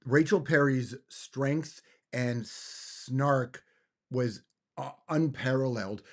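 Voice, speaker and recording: A man's voice: medium pitch, slow pace. Earnest middle-aged man hosting a chat. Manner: earnest, thoughtful, complimentary. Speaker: host. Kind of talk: casual interview chat.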